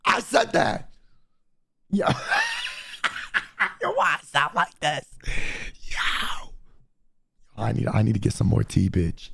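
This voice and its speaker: Congested, gravelly young man ranting. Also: a little high, takes it slowly, long pauses, dry recording. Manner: profane, animated storytelling. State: congested, deepened voice from throat mucus. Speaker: livestreamer. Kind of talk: casual stream chat.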